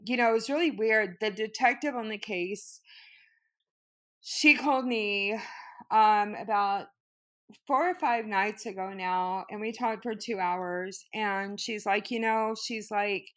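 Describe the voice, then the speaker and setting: A woman's voice: mid-range voice, a bit bright. A woman actress telling an upsetting personal story in an interview, agitated and swearing, with many fillers. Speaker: actress and guest.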